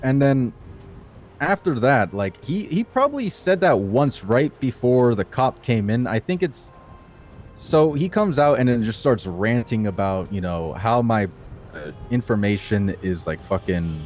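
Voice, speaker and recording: A man's voice: medium pitch, very animated, measured pace, a little mellow, soft background music. A man in a roleplay who tells his side of events in a rambling, casual way and swears a lot. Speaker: accused client in roleplay. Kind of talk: in-character roleplay storytelling.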